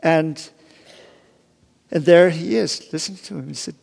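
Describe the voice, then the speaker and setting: A man's voice: a little high, unhurried, creaky, a little mellow. A man giving an informal sermon, retelling a Bible story conversationally, with many restarts and asides. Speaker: preacher. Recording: long hall reverb.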